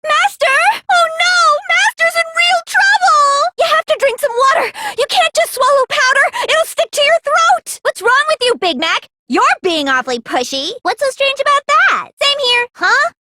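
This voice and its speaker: A woman's voice: very high voice, animated, moderate pace, hardly any pauses, background noise. An actress voicing a manic, cackling young female serial killer in a video game, gleeful with shrieking outbursts.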